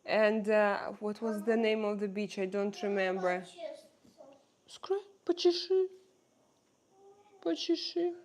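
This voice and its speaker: A middle-aged woman from Russia with a Russian accent, chatting casually to viewers in a halting way with many fillers and restarts. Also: medium pitch, little pitch movement. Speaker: channel host answering viewer questions. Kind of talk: casual livestream chat.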